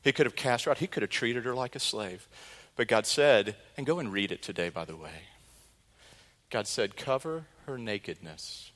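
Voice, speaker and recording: A male pastor preaching a sermon, telling a story earnestly and dramatically, moving between loud and hushed delivery. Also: lowish voice, normal speed.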